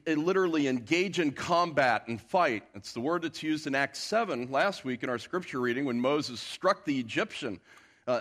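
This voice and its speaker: A man's voice: mid-range voice, fairly bright tone. Emphatic preaching man. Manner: emphatic preaching with repeated rhetorical questions. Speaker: pastor. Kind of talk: sermon. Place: church.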